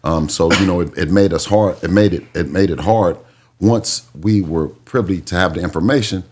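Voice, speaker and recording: A man who is a boxing trainer, speaking earnestly in casual chat with halting fillers. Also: low-pitched, background noise.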